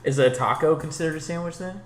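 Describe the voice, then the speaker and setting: A man's voice: a little high, fast talker, reverberant, a crowd in the background. A young man co-hosting a podcast in laid-back casual chat, laughing often. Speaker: podcast co-host.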